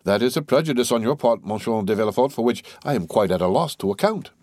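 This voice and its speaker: A man voicing an urbane, composed middle-aged count in an audiobook, speaking with smooth, measured courtesy. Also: medium pitch, animated, darkish tone, dry recording, natural voice. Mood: courteous.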